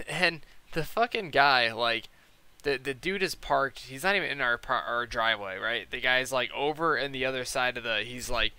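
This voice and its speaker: In a clean, dry recording with no room sound, a young man with a sharp, mid-range voice narrates his gameplay casually. He swears freely, peppers his stories with slang, "like," and "dude," and voices the people he quotes.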